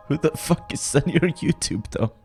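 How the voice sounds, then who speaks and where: A man streaming a text adventure game, casually reading the story aloud and pausing with fillers as he types his next moves. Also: on the high side, expressive, darkish tone, faint music behind. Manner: casual, reads game text quickly, trails off with fillers while deciding moves.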